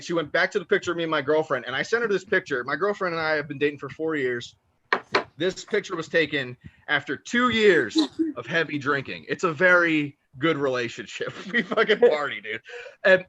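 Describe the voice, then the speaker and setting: Profane, animated male stand-up storyteller. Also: fairly high pitch, lo-fi sound. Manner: profane, animated, laughing at his own story. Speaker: stand-up comedian.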